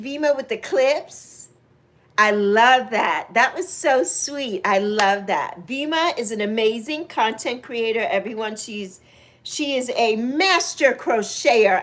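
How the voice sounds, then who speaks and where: Woman, 60s, livestream host: high, emotional, chatty with viewers. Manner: warm, emotional, greets viewers by name; laughs easily, swoops up to excited highs. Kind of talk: casual livestream chat.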